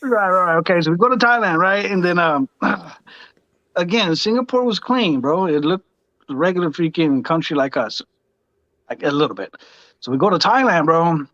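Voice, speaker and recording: A man's voice: high-pitched, expressive, moderate pace, fairly bright tone, no echo. A man telling a story as a podcast guest in casual, slangy talk, full of "dude" and "bro". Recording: dull, dry lo-fi sound.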